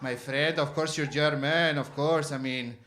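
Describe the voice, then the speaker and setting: Pushy, over-friendly kebab shop worker, put on by a male comic, low and drawn-out, with live club laughter. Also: fairly even intonation, a crowd in the background, natural voice. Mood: prying. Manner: slow, drawn-out, prying. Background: audience laughter.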